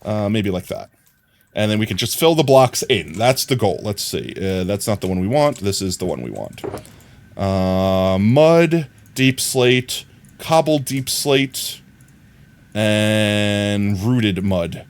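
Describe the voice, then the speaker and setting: A man casually chatting to viewers while playing a building game on a live stream, talking through his plans, laughing often and trailing off quietly while he works. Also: on the low side, very animated, takes it slowly, a little hiss or hum.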